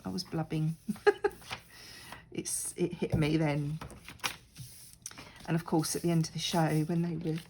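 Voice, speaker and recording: A woman's voice: low voice, flat delivery, normal speed, noisy background. A middle-aged woman chatting casually and rambling a little while she works on a craft project, poking fun at herself. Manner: chatty, rambling, self-deprecating. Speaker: crafting vlogger.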